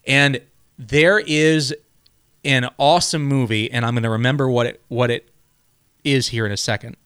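A man's voice: mid-range voice, steady tone, normal speed, a bit bright, clean tone. A man in casual conversation, telling a long story with many restarts and frequent "right?" tags.

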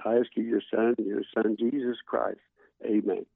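Gravelly older man praying over phone. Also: level tone, moderate pace, no room sound. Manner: chanting prayer with sudden high swoops. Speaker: prayer giver. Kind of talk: spoken prayer. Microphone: phone call. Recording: phone line.

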